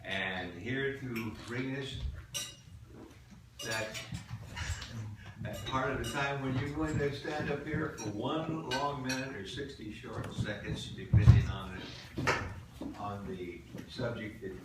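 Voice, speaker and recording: A jovial older man chairs a club meeting, laughing often as he introduces people. He sounds far from the mic in an echoey room, with dishes and cutlery clattering loudly behind. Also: mid-range voice, expressive, takes it slowly, long pauses, heavy background noise. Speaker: meeting host, toastmaster.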